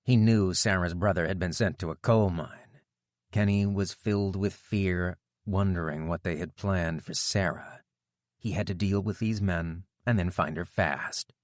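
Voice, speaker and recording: A man narrating an audiobook in a steady, measured way. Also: sits low, dry recording, clean studio sound. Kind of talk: scripted narration.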